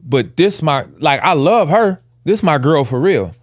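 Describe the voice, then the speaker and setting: A man's voice: on the high side, big pitch swings, measured pace, no echo, clean studio sound. A man in his forties, a podcast co-host, telling a personal family story in casual with earnest emphasis. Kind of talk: candid conversational storytelling.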